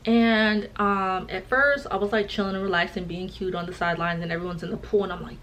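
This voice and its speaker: A woman's voice: medium pitch, brisk, a little hiss or hum, low-quality recording. A young woman, telling a personal story in a casual vlog chat and acting out the voices of the people in it. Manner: animated, acts out quoted voices. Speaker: vlogger.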